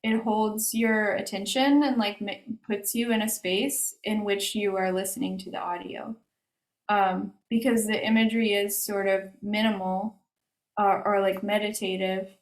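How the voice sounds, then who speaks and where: A woman's voice: mid-range voice, steady tone, a little slow. A woman artist answering questions over a video call, talking casually and hesitantly with many fillers and restarts. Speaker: artist discussing her exhibition. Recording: roomy echo on a video call.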